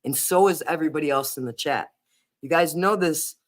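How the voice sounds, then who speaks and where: A man's voice: fairly high pitch, a little fast. Earnest, hesitant man hosting a livestream. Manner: hesitant, earnest, many fillers and restarts. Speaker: livestream host. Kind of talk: casual livestream chat.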